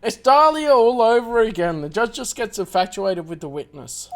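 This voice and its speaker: A man's voice: sits high, normal speed, hardly any pauses, background noise. A man hosting a let's play, chatting casually and laughing as he reads and voices a game. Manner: chatty, animated, laughs often. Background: music.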